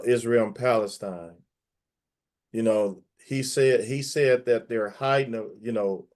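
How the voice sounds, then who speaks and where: A man's voice: on the low side, darkish tone. A man speaking as a guest on an online panel, emphatic and opinionated, often repeating words. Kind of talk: casual panel discussion.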